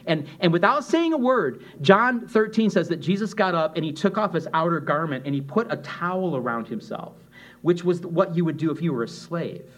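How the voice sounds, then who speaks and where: A man preaching as pastor, in a conversational sermon style, acting out quotes with restarts and asides. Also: fairly high pitch.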